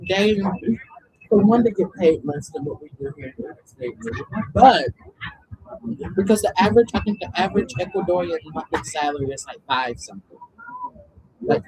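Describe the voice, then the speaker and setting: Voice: medium pitch, noisy background. A speaker telling a long story in casual chat, rambling with many fillers.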